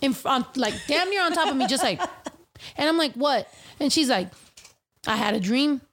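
A woman's voice: high voice, normal speed. A woman co-hosting a casual chat show, telling stories animatedly, swearing freely and acting out what people said. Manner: animated storyteller, swears freely, acts out quotes. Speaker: podcast co-host.

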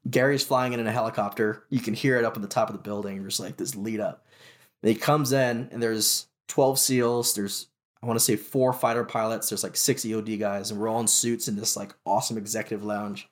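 A man, a military veteran, telling his story in a casual interview with lively retellings, many restarts and fillers. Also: on the low side, a little fast.

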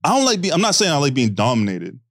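A man in casual podcast chat as a guest, talking loosely with lots of fillers and quick laughs. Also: a little high, wildly swooping pitch, no echo, studio quality. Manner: hesitant, filler-heavy, laughing.

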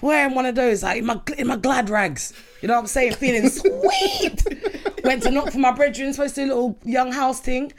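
A woman's voice: sits high, fast talker, hardly any pauses. A young woman with a London accent, chatting casually as a podcast co-host and telling stories in a playful, self-mocking way. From South London. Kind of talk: casual chat.

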